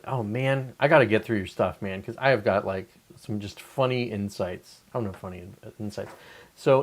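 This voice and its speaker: A man in his forties hosting a livestream, talking in a loose, rambling, profane way and mocking complainers. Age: 40s. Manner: profane, digressive, mocks whiners in high whiny voices. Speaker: livestream host. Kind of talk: casual rambling livestream chat.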